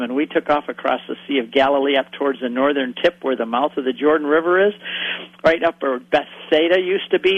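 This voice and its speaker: A man telling vivid stories as a guest on a radio talk show, acting out the people he quotes. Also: medium pitch. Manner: animated storyteller, acts out quoted voices. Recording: dull, lo-fi radio sound.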